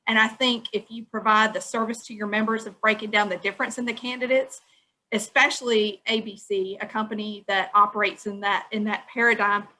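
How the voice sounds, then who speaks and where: A woman's voice: mid-range voice, level tone, a little fast, bright, forceful tone, rough recording. A woman on a webinar earnestly explaining her view at length. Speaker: webinar participant. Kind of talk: giving an opinion in a video call.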